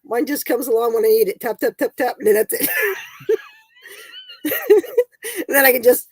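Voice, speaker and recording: A woman's voice: fairly high pitch, fairly even intonation, moderate pace, no room sound, clean studio sound. Giggly woman streamer. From Canada. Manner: bawdy joking, laughs constantly. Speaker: livestream host. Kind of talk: casual live chat.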